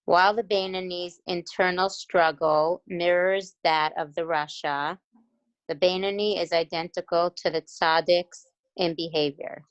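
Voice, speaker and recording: A woman in a study class reading passages aloud in a steady, careful way. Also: on the low side, a little slow, smooth, highs cut off.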